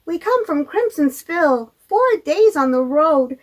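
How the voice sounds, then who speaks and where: A man's voice: very high voice, sing-song, takes it slowly, voice pushed up, exaggerated voice. A man voicing a road-weary adventurer who asks plainly for food and rest.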